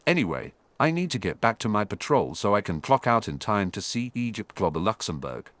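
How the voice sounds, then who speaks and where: A man puts on a jaunty wizard patrolman from a fantasy audiobook, blunt and breezy in his banter. His low voice rises and falls in a lively way, recorded close and dry. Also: brisk, no echo. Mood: cheerful.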